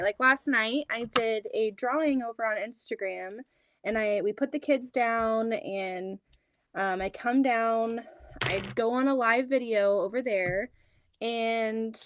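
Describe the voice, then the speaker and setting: A woman in her thirties chatting casually on a home quilting livestream, rambling about her kids and reading out viewer comments. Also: fairly high pitch. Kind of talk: casual chat on a live stream. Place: home sewing room.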